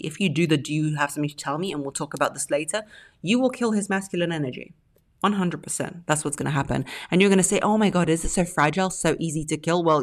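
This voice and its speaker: A woman hosting a podcast, giving blunt relationship advice and acting out the phrases she quotes in mocking voices. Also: low-pitched. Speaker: podcast host.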